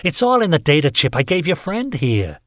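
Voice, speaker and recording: A man's voice: on the high side, very animated, normal speed, a bit bright, no echo, clean studio sound, voice pushed up. A man voicing a weary, defiant human landlord who sighs and dodges questions. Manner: sighing, evasive, cocky.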